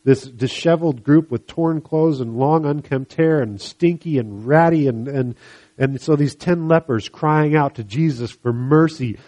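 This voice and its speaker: Man preaching an animated, storytelling sermon. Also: on the high side, unhurried. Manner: animated storytelling, acting out voices of the people he describes. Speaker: pastor.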